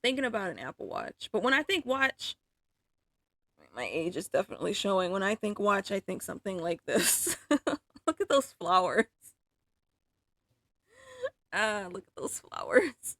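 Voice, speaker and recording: A woman's voice: medium pitch, sing-song, normal speed, fairly bright tone, no echo, studio quality. A woman chatting casually on a livestream, swearing freely and exclaiming in disbelief. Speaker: livestreaming artist.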